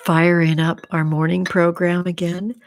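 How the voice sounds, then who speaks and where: Gravelly, low-voiced woman tarot streamer. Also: level tone, unhurried. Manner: affectionate, calls viewers honey and sweetie; drops into soft whispers while reading comments. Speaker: tarot reader and live-stream host. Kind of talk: casual live-stream chat.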